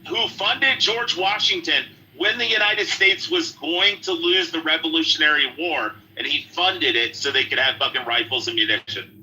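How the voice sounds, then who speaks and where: A man's voice: a little high, normal speed, few pauses, bright, forceful tone, a little hiss or hum, poor audio. Aggressive, foul-mouthed man arguing. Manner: profane, aggressive, hurls insults. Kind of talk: heated casual debate.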